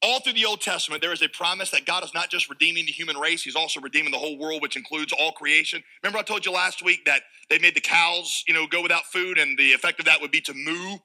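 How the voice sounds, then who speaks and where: A man preaching a sermon in an animated way, acting out the voices of biblical figures with humor. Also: a little high, quick pace, hardly any pauses, poor audio. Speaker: pastor.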